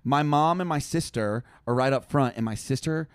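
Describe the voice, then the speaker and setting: A young man telling a long, rambling story in casual chat, animated and full of fillers. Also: medium pitch, moderate pace, clean tone, no echo, clean studio sound. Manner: animated, rambling, heavy use of "like". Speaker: touring musician, guest.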